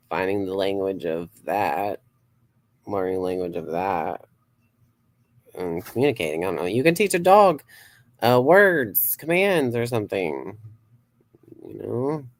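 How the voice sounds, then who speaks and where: A man hosting a casual livestream as a psychic, rambling and swearing freely, laughing often and reading viewer comments aloud. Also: low voice. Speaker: psychic streamer host.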